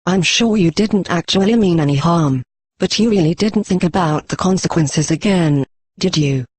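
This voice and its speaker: A text-to-speech male voice reading the lines of an earnest, patronizing female unicorn pony in a synthetic fanfic reading, speaking slowly as if to a child. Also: lowish voice, darkish tone, breathy edge, dry recording.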